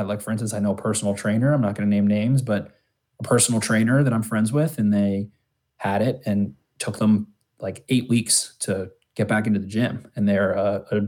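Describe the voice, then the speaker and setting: A man with a fairly low voice talks football on a podcast in an easygoing, casual way. He rambles and restarts his sentences often, piling on fillers as he thinks aloud. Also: darkish tone. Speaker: podcast co-host. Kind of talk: casual sports chat.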